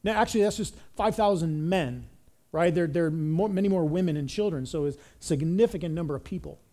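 A man's voice: on the high side, a little fast, dark tone. A man preaching a sermon in a conversational way, often checking in with the audience through rhetorical questions and rising sharply for emphasis. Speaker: pastor.

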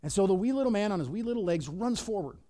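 Male pastor, high pitched and very animated, emphatic storyteller in the pulpit. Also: fast talker. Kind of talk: sermon.

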